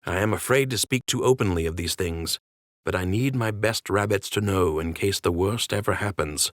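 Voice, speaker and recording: A man voicing a solemn male rabbit king who speaks gravely and earnestly. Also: sits low, normal speed, no room sound, clean studio sound, close to an everyday voice.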